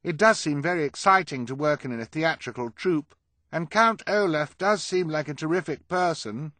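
A man's voice: fairly high pitch, moderate pace, bright, forceful tone, no room sound, pitched above the performer's own voice. A man voicing a clever, anxious teenage boy who talks in a nervous, polite way in a storybook reading. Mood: uneasy.

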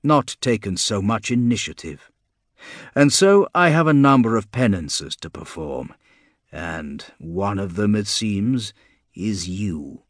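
A man voicing an irritable, bedraggled male monster who counts corpses, speaking slowly and loudly in an audiobook. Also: fairly low pitch, expressive, no room sound, studio quality. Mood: irritable, commanding. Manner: slow, loud, heavy delivery. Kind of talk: audiobook character voice.

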